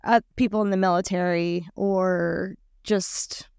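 Female podcast co-host, smooth clear tone, chatty and giggly, dry mic. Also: lowish voice, fairly even intonation, slow, a little mellow, no room sound. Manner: chatty, giggly, many fillers. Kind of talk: casual podcast chat.

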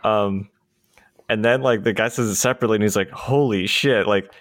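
A man with a fairly low voice talks on a podcast with strong opinions, getting animated and swearing casually. The recording is dry and close. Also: a little fast, no echo. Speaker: podcast co-host. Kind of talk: casual chat.

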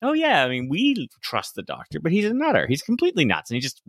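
A man co-hosting a podcast in casual chat, animated and quick to laugh, acting out quotes in a high voice. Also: no room sound. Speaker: podcast co-host.

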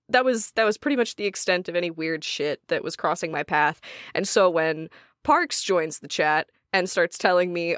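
A woman's voice: fairly low pitch, normal speed, fairly bright tone, no room sound, studio quality. A woman with a faint Southern US accent, co-hosting a casual podcast, giggly and swearing freely. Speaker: podcast co-host. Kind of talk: casual chat.

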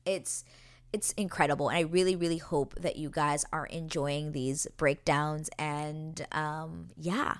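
A woman with a low voice hosts a casual podcast recap. She gushes and rambles with plenty of fillers, emotional about every scene she retells. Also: steady tone, a little slow, clean tone. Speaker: podcast host. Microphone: podcast microphone.

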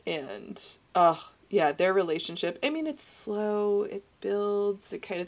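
A woman's voice: fairly low pitch, vocal fry. A woman co-hosting a book podcast, talking casually in a rambling, gushing way with many fillers. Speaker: podcast co-host. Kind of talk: casual chat.

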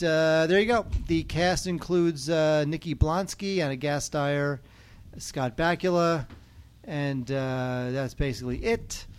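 A man hosting a podcast, chatting casually and quickly about new movie releases. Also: a little high, clean tone. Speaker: podcast host. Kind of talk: casual chat reviewing movies.

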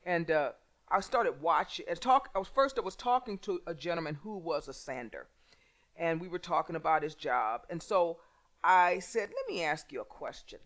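A woman in casual conversation, telling workplace stories with many restarts and halting phrases. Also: fairly low pitch, lively intonation. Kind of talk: conversational storytelling.

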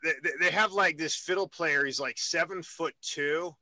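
A man's voice: a little high, normal speed, sharp tone, no echo. A man hosting a casual interview, rambling and joking with many restarts. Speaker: radio host.

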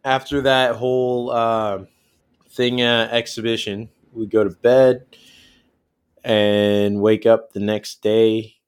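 A man co-hosting a podcast in casual chat, excitable, laughing often, quick to swear and exaggerate. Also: lowish voice, smooth. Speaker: podcast co-host.

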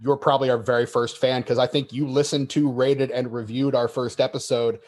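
A man's voice: mid-range voice, little pitch movement, a little fast, darkish tone. A man hosting a casual podcast, chatty and friendly with his guest. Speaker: podcast host.

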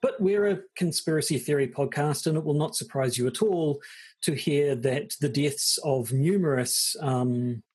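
A man's voice: fairly high pitch, normal speed, a little mellow, slightly rough. A man co-hosting a podcast, talking in a casual, dry and joking way with lots of hesitant ums. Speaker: podcast co-host.

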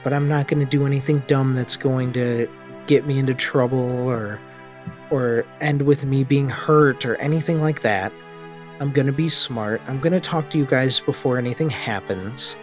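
A man's voice: medium pitch, moderate pace, faint music behind, lightly acted. A man voicing a defiant, secretive teenage girl grieving her brother, stubborn and pleading by turns. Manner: stubborn, pleading, matter-of-fact.

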